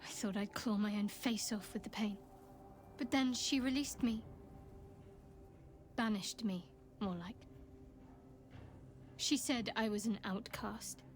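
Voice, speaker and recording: A woman voicing a guarded young female cleric in a video game, speaking in a measured, restrained, somber way. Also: mid-range voice, a little hiss or hum, lightly acted.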